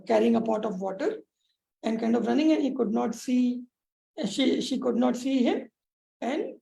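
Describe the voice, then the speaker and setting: High, gravelly-voiced meditation teacher woman. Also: mellow, rough recording. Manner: storytelling with many fillers and restarts. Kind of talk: spiritual teaching story on a support call.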